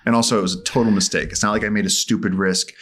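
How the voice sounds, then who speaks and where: Low-voiced man telling vivid stories. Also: fairly even intonation, racing, fairly bright tone, husky. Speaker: podcast guest. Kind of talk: animated storytelling in conversation. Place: studio.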